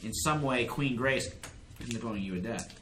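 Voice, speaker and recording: A man narrating as game master of a tabletop role-playing game in an easygoing way, trailing off mid-sentence and laughing often. The room is roomy, with soft music playing behind him. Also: mid-range voice, normal speed.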